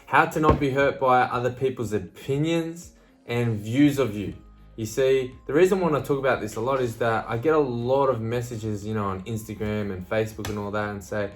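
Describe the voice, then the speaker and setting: A man's voice: mid-range voice, brisk, soft background music. Blunt, swearing motivational man. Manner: blunt, swears freely, repeats "right?" and "you know". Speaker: motivational speaker. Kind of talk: casual motivational talk to camera.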